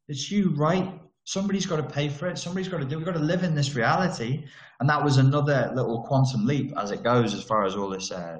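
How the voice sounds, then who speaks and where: A man from Merseyside, England, with a fairly high-pitched voice, rants bluntly and swears through a vlog monologue. He's sarcastic and drops into mocking voices, and the recording has a roomy echo.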